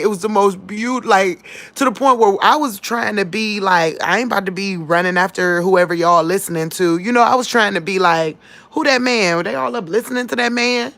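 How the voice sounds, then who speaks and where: Woman vlogger, lowish voice, emotional and chatty. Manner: emotional, talks straight to viewers, animated. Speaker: vlogger sharing dreams. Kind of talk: casual storytelling to viewers.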